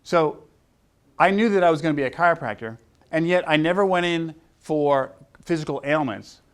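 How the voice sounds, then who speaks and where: A man in his sixties talks to a live audience in a slightly high voice, spinning anecdotes from his life as a chiropractor. He acts out the voices in his stories and keeps quizzing the crowd. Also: moderate pace, clear, resonant tone. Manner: storytelling, acting out quoted voices, quizzing the crowd.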